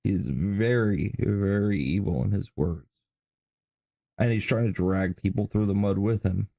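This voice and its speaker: A man hosting a commentary show about video clips, speaking in a calm, measured, disapproving way. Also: on the low side, vocal fry, dry recording. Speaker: host.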